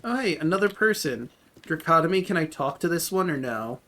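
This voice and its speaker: A man's voice: a little high, expressive, a little fast, sharp tone. A man streaming a game, chatting casually and joking about what happens on screen. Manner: joking, reads game text aloud. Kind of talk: casual gameplay chat.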